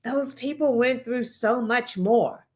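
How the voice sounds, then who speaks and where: A woman co-hosts a casual political chat show, speaking emphatically and swearing freely, with many "like" and "you know" fillers. Her voice is fairly high, slow-paced and a little mellow.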